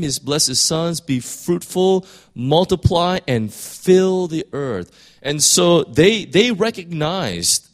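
A man preaching a sermon in a conversational way, often repeating words and rising to emphatic peaks. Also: on the high side. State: voice straining, clearing throat. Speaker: pastor.

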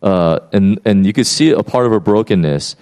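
A man preaching a sermon, retelling a Bible story in a lively, conversational way with many fillers and restarts. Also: lowish voice, moderate pace. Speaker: pastor.

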